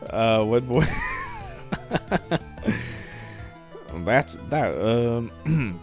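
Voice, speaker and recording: Low voiced guy goofing around during a game, slow, faint music. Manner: laughs, joking asides. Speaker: gamer reading all voices. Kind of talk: casual game commentary.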